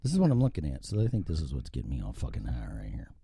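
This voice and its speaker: A man's voice: rumbling low, wildly swooping pitch, very fast, gravelly, warm tone, husky, dry recording. A man hosting a live opinionated talk show from an indoor studio, rambling and swearing freely. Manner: profane, rambling and ranting.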